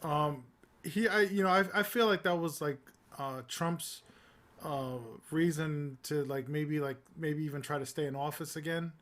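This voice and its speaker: Rambling man with a higher voice. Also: a little slow, a bit bright. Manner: rambling, many fillers and restarts, informal slang. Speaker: podcast co-host. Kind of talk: casual news discussion.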